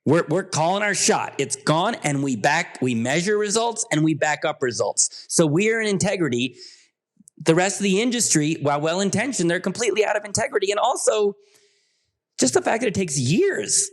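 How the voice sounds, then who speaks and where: A man's voice: sits high, animated, moderate pace. A man speaking as a podcast guest, emphatic and insistent, his voice jumping up sharply on key points. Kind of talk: passionate interview talk.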